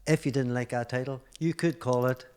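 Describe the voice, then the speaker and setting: Halting podcast host. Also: male voice, mid-range voice, steady tone, a little mellow, clean tone. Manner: halting, lots of 'uh' and 'aye' fillers. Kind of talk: casual interview chat.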